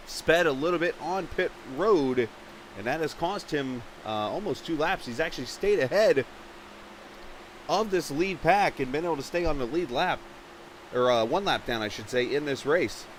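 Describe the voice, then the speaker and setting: A man with a fairly high voice calls a sim race live, talking casually and reading chat between the action. He livens up sharply whenever a car spins or misses its stall. Faint noise runs under his voice. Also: normal speed. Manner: chatty, reads viewer chat, gets excited at incidents. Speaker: race commentator. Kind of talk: live esports race commentary.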